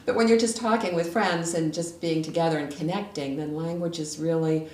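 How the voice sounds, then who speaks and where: Very low-voiced woman telling stories. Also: steady tone, a little fast, darkish tone. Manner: chatty, storytelling, frequent restarts. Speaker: interview guest, former judge. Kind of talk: casual conversational interview. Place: library room. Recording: echoey room, distant mic, faint noise.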